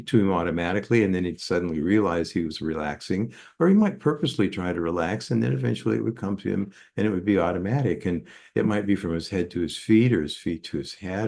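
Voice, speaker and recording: In a low, slightly mellow voice, an older psychotherapist shares stories during an interview, often restarting and using fillers.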